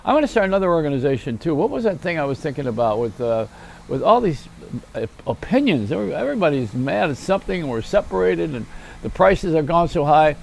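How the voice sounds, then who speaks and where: A man's voice: on the high side, big pitch swings, quick pace, gravelly, darkish tone, a little hiss or hum. An older man hosting a rambling, self-mocking comedy monologue, chuckling at his own jokes. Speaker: host.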